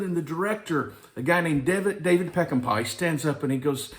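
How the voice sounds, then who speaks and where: A man's voice: sits high, normal speed, few pauses. A man from Arkansas, an actor, telling a wry, self-deprecating story about an audition. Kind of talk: anecdotal storytelling.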